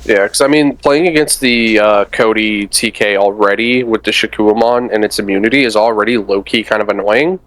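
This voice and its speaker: A man's voice: fairly low pitch, moderate pace, few pauses, fairly bright tone. A man co-hosting a podcast, chatting casually about card games with wry, joking asides. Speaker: podcast co-host.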